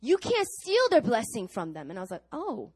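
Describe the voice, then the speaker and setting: A woman's voice: a little high, moderate pace, husky. A middle-aged woman pastor preaching a sermon, telling stories to her congregation and acting out the people she quotes. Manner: animated storytelling to a congregation, acting out quoted voices.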